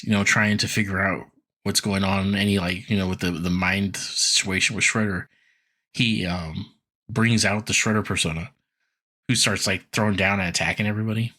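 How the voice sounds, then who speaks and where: A podcast co-host with a low, sharp-toned voice loosely retells a cartoon episode in a casual recap. He uses lots of "like" and slips into quoted voices.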